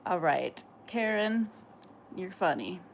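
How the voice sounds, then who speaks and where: A woman's voice: fairly low pitch, expressive, takes it slowly, creaky, slight background noise. Rambling woman streamer chatting with viewers. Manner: rambling, filler-heavy, talks back to chat. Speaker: livestreamer reading chat. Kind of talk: casual livestream chat.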